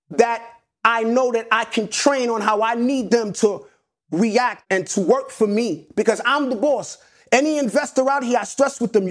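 High-pitched man, earnest and animated, emotional personal story, repeats himself for emphasis. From United States. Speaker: real estate investor guest.

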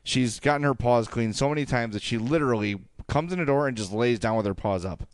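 Male podcast co-host, clean resonant voice, dry booth sound, ranty and animated. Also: mid-range voice, quick pace, no room sound. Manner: animated, ranting, jokey asides. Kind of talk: casual sports podcast chat.

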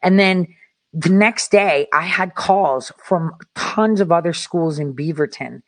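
Woman with a lower voice ranting to her viewers, swears a lot, keeps restarting, dry close sound. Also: measured pace, no room sound. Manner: blunt, profane, ranting with many restarts. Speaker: parent speaking to viewers. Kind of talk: casual monologue to viewers.

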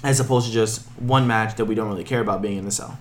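A man's voice: on the low side, fairly even intonation, fast talker, slight background noise. A man co-hosting a casual wrestling chat, joking and stumbling over names as he talks. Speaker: podcast co-host.

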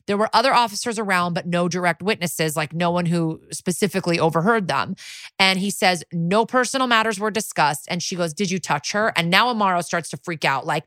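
A woman's voice: on the low side, no echo, studio quality. A woman co-hosting a podcast, recapping a TV episode in a casual, profane way and acting out the characters' lines as she goes. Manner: lively storytelling, acting out characters' lines in quick bits. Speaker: podcast co-host.

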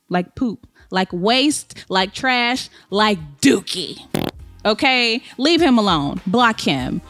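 A young woman hosting her own podcast in a sassy, emphatic monologue, calling listeners honey and babe. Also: mid-range voice. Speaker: podcast host. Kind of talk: casual solo podcast monologue.

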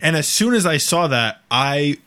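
A man's voice: fairly high pitch, normal speed. A man, co-hosting a podcast and telling long, self-correcting stories in casual chat. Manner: animated storyteller, rambling and self-correcting. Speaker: podcast co-host.

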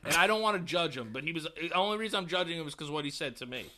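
Bright-voiced young man telling a profane story. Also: fairly high pitch, rapid-fire. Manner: profane, animated retelling with put-on dialogue. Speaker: podcast co-host. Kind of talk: casual storytelling chat.

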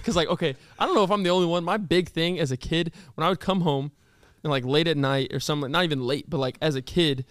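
A young man hosting a podcast, telling stories in a casual, animated way and laughing often. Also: on the high side, fast talker, hardly any pauses, dry recording, clean studio sound. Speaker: podcast host. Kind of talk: casual chat.

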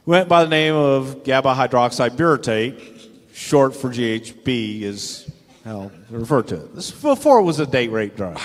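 A man's voice: mid-range voice, sing-song, moderate pace, in a large hall. An older man telling a rambling, profane anecdote in a casual chat, acting out the voices of the people he quotes. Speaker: storyteller guest.

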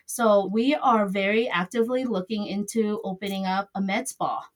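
A woman's voice: mid-range voice, steady tone, normal speed. A middle-aged woman who owns a salon, answering interview questions in a chatty, rambling way with loose grammar. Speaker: salon owner.

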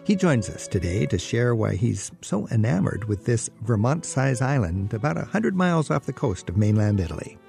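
A man's voice: mid-range voice, very animated, gravelly, darkish tone, soft background music. A middle-aged man hosting a radio travel show, chatting enthusiastically with a guest and reading show links into a studio microphone. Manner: enthusiastic, conversational, quick laughs.

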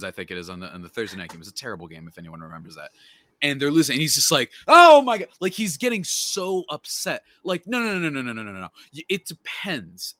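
A man's voice: a little high, no room sound. A young man ranting animatedly in a casual sports chat as a podcast guest. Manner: animated ranting, mock voices.

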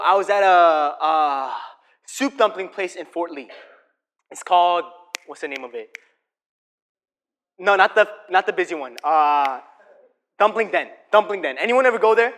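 A young man preaching a sermon in a church, moving between impassioned declarations and quiet, softer storytelling. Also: sits high. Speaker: pastor.

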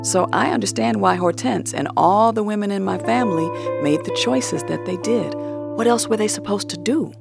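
A woman telling a personal story in a measured, low-key way, acting out the lines other people spoke. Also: vocal fry, over music. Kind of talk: personal story told to listeners.

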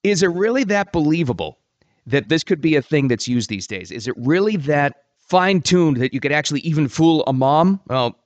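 A man hosting a podcast, talking casually and emphatically, often dropping low for weight. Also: lively intonation, moderate pace, no echo, highs cut off. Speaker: podcast host.

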